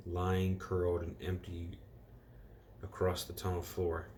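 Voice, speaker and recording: A man with a very deep, low voice reads a storybook chapter aloud to children at home. His delivery is relaxed and informal, and he fixes his own slips as he goes. A faint background noise sits under the reading. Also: takes it slowly. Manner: relaxed, corrects himself and rereads.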